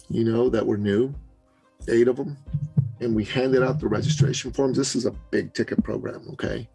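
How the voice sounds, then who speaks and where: A man's voice: medium pitch, vocal fry, darkish tone, husky, low-quality recording. A man guest on an interview podcast, telling a personal story in an earnest, conversational way with small asides. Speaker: podcast guest, business coach.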